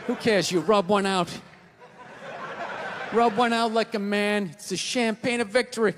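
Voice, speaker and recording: A male stand-up comedian rants loudly and profanely through his routine, his voice pitched very high as he shouts. He is recorded live on a theater stage, with long reverb trailing his words. Audience laughter rises clearly behind him. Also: steady tone, measured pace, a loud crowd, very noisy. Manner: loud, profane, ranting delivery. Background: audience laughing and cheering.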